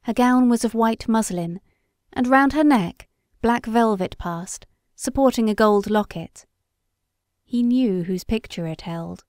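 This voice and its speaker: A woman narrating a classic story in a measured, steady storytelling voice. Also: fairly high pitch, no room sound, clean studio sound. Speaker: audiobook reader. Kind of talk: scripted literary narration.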